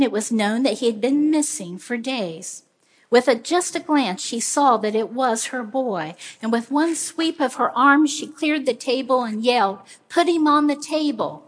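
A woman preaching a sermon, speaking in an earnest, measured storytelling way. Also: on the high side.

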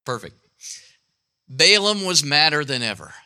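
A man's voice: fairly high pitch, big pitch swings, unhurried, sharp tone, clear, resonant tone. A man telling a Bible story aloud to an audience, ad-libbing playfully and directing volunteers who act it out. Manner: playful, ad-libbing, self-correcting.

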